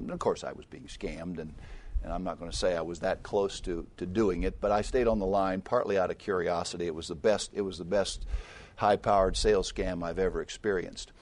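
An older man preaching a sermon, mixing personal stories with scripture, dropping to quiet asides and rising to loud emphatic peaks. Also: sits low, fairly even intonation, a little fast.

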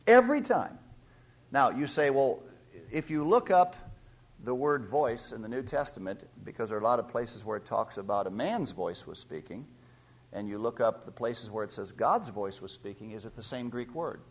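Animated man preaching a sermon. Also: medium pitch, moderate pace, breathy edge. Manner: emphatic preaching that swells loud on key points; teacherly, asks the listeners questions. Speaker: pastor.

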